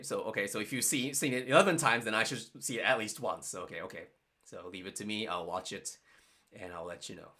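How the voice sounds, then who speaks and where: A man hosts a casual live stream, answering questions from viewers. His voice sits a little low yet comes across bright and forceful. He talks in a halting way, trailing off and restarting as he searches for the right words. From Japan. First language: Japanese. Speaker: online course host.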